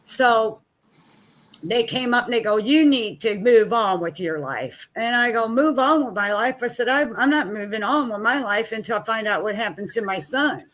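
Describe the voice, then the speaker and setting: A middle-aged woman, a guest telling her own story as the mother of a missing son. She talks in a folksy way and acts out both sides of each exchange, and her voice drops low and soft when it turns painful. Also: normal speed. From Missouri. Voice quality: plain-spoken, folksy. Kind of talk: candid personal storytelling.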